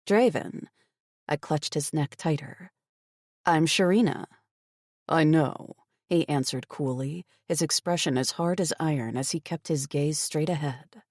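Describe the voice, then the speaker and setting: Wry, expressive woman narrator for a first-person fantasy audiobook, close and dry. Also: low voice, moderate pace, few pauses, no room sound.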